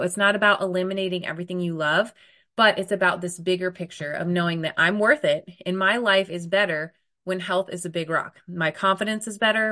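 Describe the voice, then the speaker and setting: A woman in her thirties coaching an online group on weight loss, talking bluntly and often checking in with "okay?", a little hoarse from a cold. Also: fairly low pitch, pushed and bright. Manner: direct, emphatic, frequent "okay?" check-ins. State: getting over a cold, occasional cough.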